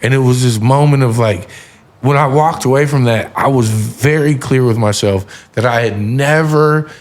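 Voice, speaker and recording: A man's voice: medium pitch, normal speed. A man hosting a podcast, telling a personal story in an earnest, heartfelt way. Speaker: podcast host. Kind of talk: casual podcast conversation.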